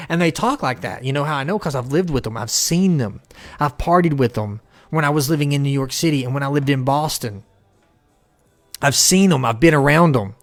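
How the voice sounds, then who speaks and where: A man delivering an angry, profane political rant, swinging between shouting and low growls. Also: expressive, a little fast. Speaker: political commentator.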